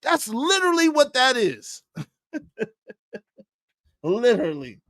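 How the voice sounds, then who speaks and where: A man hosting a livestream, ranting in a heated, animated way and repeating his points. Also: extremely high pitch, slow, dry recording, clean studio sound. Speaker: livestream host.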